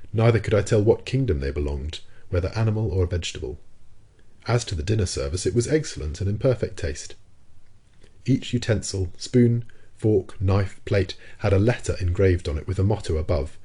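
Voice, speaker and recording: Man for classic audiobook narration: measured and steady, deep voice with a husky grain. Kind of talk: scripted narration of a classic novel.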